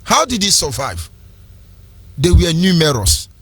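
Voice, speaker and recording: A man's voice: a little high, huge pitch swings, a little slow, fairly bright tone, slightly rough, dry recording. A man with a Nigerian accent hosting a fiery political radio commentary, ranting in an impassioned, preachy sing-song. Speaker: radio host.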